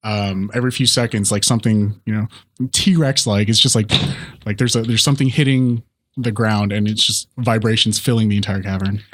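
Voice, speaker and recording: A man with a Southern US accent running a tabletop game as game master, relaxed and full of fillers. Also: on the low side, a little fast, no room sound. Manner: relaxed, filler-heavy, hesitant phrasing.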